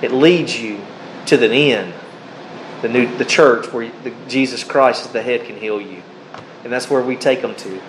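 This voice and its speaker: A male preacher delivering a sermon, calling his listeners beloved and reading scripture passages aloud. He speaks in short, deliberate phrases with pauses between them. A faint air-conditioning hum sits behind his voice. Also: medium pitch, low-quality recording.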